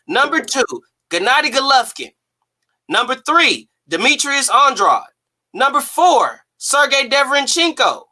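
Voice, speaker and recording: Brief: woman host, bright tense tone, methodical list reader. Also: high-pitched, sing-song, a little slow. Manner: methodical, reads out lists. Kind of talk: casual chat.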